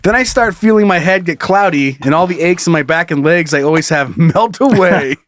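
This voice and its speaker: A man's voice: a little high, expressive, fairly quick, fairly bright tone, no echo. A man co-hosting a podcast who reads out a listener's story in casual chat, breaking into laughter as he goes. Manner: laughs often while reading. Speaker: podcast co-host.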